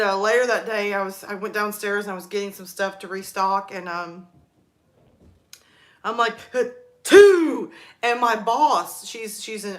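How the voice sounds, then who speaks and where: A young woman chatting on her live stream, telling stories with quick laughs. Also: medium pitch, a bit bright. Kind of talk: casual live stream chat.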